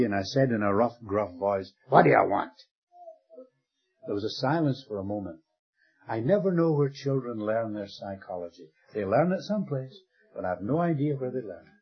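Older male preacher, husky and hushed. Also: medium pitch. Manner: dramatic pauses, dropping to a hush on key words. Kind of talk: sermon. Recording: dull lo-fi recording.

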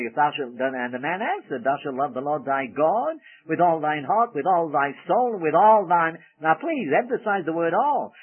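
A husky-voiced man preaching a Bible study in a lively, rising and falling voice, earnest and pleading. The sound is thin and phone-like, as on an old radio broadcast. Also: on the high side. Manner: earnest, pleading, emphatic swells. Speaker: Bible teacher.

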